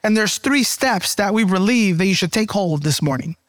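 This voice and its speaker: A man's voice: high-pitched, lively intonation, normal speed, no room sound, clean studio sound. A man preaching a sermon in a conversational way, acting out quoted voices as he goes. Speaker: pastor.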